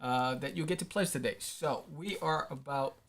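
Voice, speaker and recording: A middle-aged man with a voice of ordinary pitch hosts a casual live stream. He rambles and gets excitable, with plenty of "um"s and restarts. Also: normal speed. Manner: rambling and excitable, with many fillers. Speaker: independent comic creator and live-stream host.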